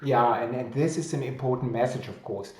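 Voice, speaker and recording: A man's voice: mid-range voice, fairly quick, echoey room. A man with a German accent hosting a casual live-stream chat and reading out viewer comments. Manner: chatty, reads out viewer comments. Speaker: host.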